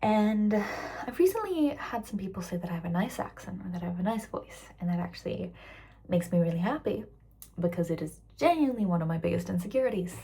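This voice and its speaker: A young woman of about twenty with a mixed British-American accent, tired after work, rambling candidly in a casual vlog rant and slipping into soft whispers. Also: medium pitch, sing-song, a little fast, vocal fry, breathy edge. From raised internationally, living in Britain. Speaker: waitress vlogger.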